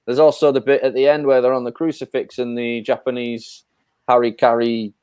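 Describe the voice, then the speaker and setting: Brief: male podcast host, casual and animated, dry recording. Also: medium pitch, a little fast, clear, resonant tone, dry recording. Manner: animated storyteller, laughs while retelling scenes. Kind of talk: casual chat.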